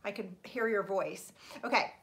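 In a mid-range, fairly bright voice at a moderate pace, a Florida woman hosts a casual live stream. She calls out viewers by name, laughs often, and is apologetic and self-deprecating about getting names wrong.

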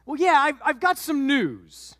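A man's voice: very high voice, sing-song, a little slow, a bit bright, no room sound, clean studio sound, voice pushed up, full character voice. A man voicing a nervous young woman breaking surprising news, coaxing and hesitant. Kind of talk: sermon role-play.

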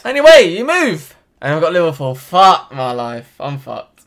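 A young man with commenting on a football video game, exasperated and swearing, shouting one moment and muttering the next. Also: on the high side, huge pitch swings, moderate pace. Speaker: gaming YouTuber. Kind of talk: casual gameplay commentary. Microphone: desktop USB microphone.

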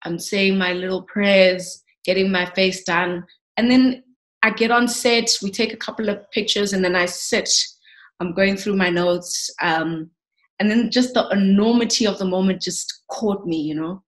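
A woman's voice: mid-range voice, a little slow. A woman in her thirties, a sports broadcaster, telling her story in an interview with feeling and many repeated words. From South Africa. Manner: emotional, animated, repeats words when moved.

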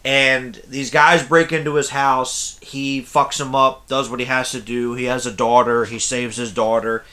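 A man's voice: mid-range voice, level tone, unhurried, bright, forceful tone. A man giving a casual, rambling movie review, blunt and a little tired, swearing now and then. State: yawning, tired.

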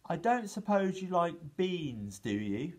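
A man voicing a nervous, quick-witted boy who speaks in a hushed voice in a children's story. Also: a little high, sing-song, exaggerated voice. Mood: nervous pleading.

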